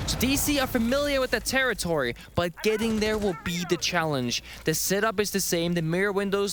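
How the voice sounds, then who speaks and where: A man giving quick, analytical color commentary on an esports match. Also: high voice, fairly bright tone, slight background noise. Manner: quick, analytical, laughs easily.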